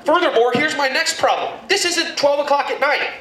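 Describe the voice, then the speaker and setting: High-voiced man doing stand-up. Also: normal speed, recorded from a distance, slight background noise. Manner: crude, animated storytelling. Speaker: stand-up comedian. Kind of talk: stand-up comedy set. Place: packed comedy club. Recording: echoey room mic'd from afar, loud crowd laughter.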